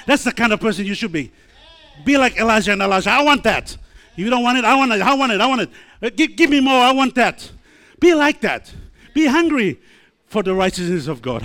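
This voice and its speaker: Male pastor preaching hard, high voice that swoops all over, lots of hallelujahs. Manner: emphatic preacher, call-and-response, repeated hallelujahs. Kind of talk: sermon.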